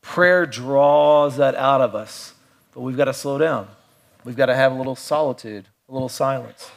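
A middle-aged man preaching a sermon in a conversational way, with playful asides and quiet, reflective stretches. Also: mid-range voice, moderate pace, gravelly. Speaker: pastor.

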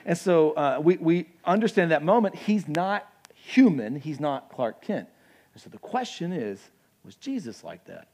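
Young man preaching a sermon, slightly high voice, chatty animated delivery. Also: unhurried. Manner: conversational, animated preaching with asides and acted-out quotes. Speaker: pastor.

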